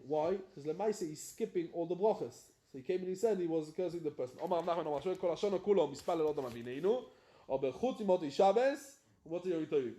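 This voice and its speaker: A rabbi teaching Talmud, chanting the text and then explaining it in plain talk. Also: male voice, high voice, mellow, echoey room. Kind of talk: Talmud lesson, reading and explaining.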